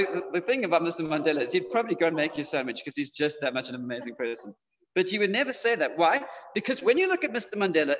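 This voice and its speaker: A man with a somewhat high voice preaches to teens in a loose, chatty way, dropping fillers as he goes. The sound is dull and slightly muffled, and his words ring out with a long tail of reverb from the hall. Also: a bit bright. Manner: casual, conversational, with frequent fillers. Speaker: youth preacher. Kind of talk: sermon to teenagers. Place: church hall.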